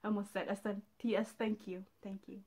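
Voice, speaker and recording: A woman's voice: mid-range voice, level tone, brisk, a little mellow, breathy edge. A young woman reacting to music video trailers, gushing and swearing, with sudden shrieks between muttered asides. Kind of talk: excited reaction commentary.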